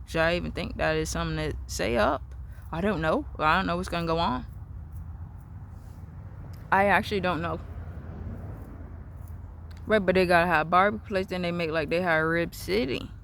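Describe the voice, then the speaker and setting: Casual vlogger, rambling and repetitive, mid-pitched voice, outdoors in a backyard with faint ambient noise. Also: moderate pace, gravelly, pauses often, fairly bright tone. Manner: rambling, repetitive, free-associating.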